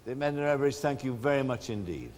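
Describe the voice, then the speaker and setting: A man's voice: medium pitch, animated, fast, darkish tone, in a large hall, a little hiss or hum. Radio host guy, polite and a bit flustered wrapping up, long studio tail. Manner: polite, slightly flustered wrap-ups. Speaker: radio presenter. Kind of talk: live broadcast presenting.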